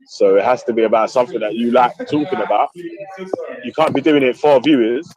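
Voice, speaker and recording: A man's voice: mid-range voice, moderate pace, a crowd in the background. A man hosting a casual online chat, laid-back and slangy. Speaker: host. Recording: dry, slightly dull online audio.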